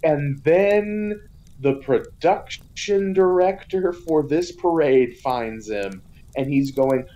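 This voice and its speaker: A woman co-hosting a laid-back film podcast. She talks slowly in a lowish voice and recaps scenes with animated, acted-out quotes. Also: lo-fi sound. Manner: animated plot recap, acting out characters' lines. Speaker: podcast co-host. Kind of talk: casual movie review chat.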